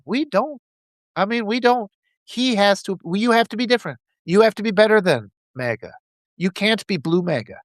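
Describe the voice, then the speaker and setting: A man's voice: high-pitched, expressive, normal speed, no echo. A man giving an impassioned political monologue, ranting and mimicking opponents in mocking voices. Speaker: political commentator.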